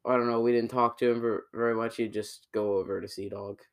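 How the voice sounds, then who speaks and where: A man's voice: mid-range voice, flat delivery, brisk, smooth. A young man chatting casually on camera, rambling with lots of fillers and teasing his friend.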